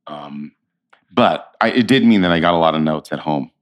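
A man with a very low, deep voice, speaking as an interview guest. He tells anecdotes in an animated, conversational way, often restarting his sentences and breaking into laughter. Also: normal speed, muffled recording.

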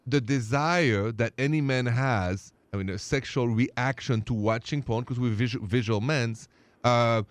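A man co-hosting a relationship advice radio show, emphatic and halting, often repeating himself. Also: mid-range voice, no echo. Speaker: radio co-host.

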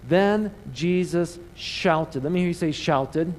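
A man preaching a sermon in church, animated, calling the congregation to answer back. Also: a little high, normal speed, few pauses, slight background noise, rough recording. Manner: animated preaching with call-and-response. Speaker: pastor. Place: church sanctuary.

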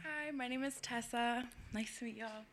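A woman with a slightly high voice reads her spoken-word poem at an open mic. Her delivery is frank and wry, taking its time over each image. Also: normal speed, heavy background noise. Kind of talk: spoken-word poetry reading.

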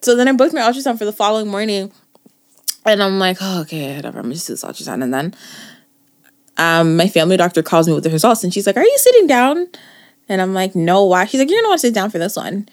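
A young woman co-hosts a casual podcast chat, telling her story with great animation. Her mid-pitched voice swings widely as she acts out what people said, and she laughs through much of it. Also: lively intonation, fast talker. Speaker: podcast co-host.

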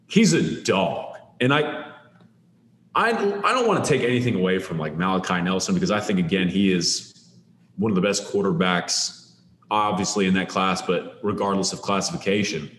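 Low-voiced man in a roomy space. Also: animated, moderate pace, a bit bright, a little hiss or hum. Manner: emphatic, enthusiastic, hedging restarts. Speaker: recruiting analyst co-host. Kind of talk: casual sports podcast chat.

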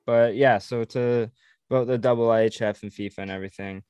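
A man's voice: medium pitch, steady tone, fairly quick, a little mellow, clean tone, no echo. A man in casual podcast chat, talking earnestly and loosely with filler words.

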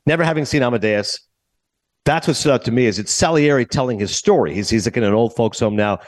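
Guy host rambling fast about a movie, does the characters' voices, dry mic. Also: mid-range voice, dry recording. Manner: animated, acts out characters' lines. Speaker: podcast host. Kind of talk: casual movie review chat.

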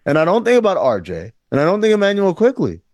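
A man co-hosting a casual sports talk show, emphatic and animated, often mimicking other voices. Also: sits high, quick pace, no echo, clean studio sound. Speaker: podcast co-host.

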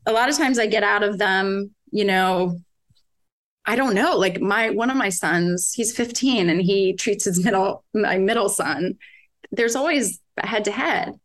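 Candid, animated mother talking about parenting. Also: medium pitch, measured pace. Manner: candid, animated, laughs often, quotes herself and her kids. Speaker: guest, parent of several children. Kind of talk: conversational podcast interview.

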